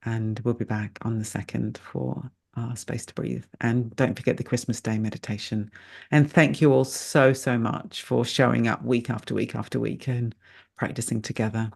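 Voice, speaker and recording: A woman's voice: very deep voice, steady tone, normal speed, creaky, a little mellow, slightly rough. A woman in her later years, a meditation teacher, chatting casually and laughing at herself while closing a live online session over a video call. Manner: chatty and self-deprecating, laughs easily.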